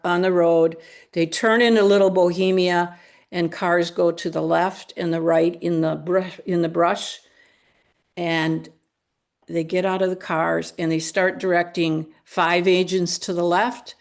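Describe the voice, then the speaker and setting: A woman's voice: lowish voice, flat delivery, unhurried. A woman telling a local history story in a conversational way, with chatty asides to her listeners. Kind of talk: storytelling talk.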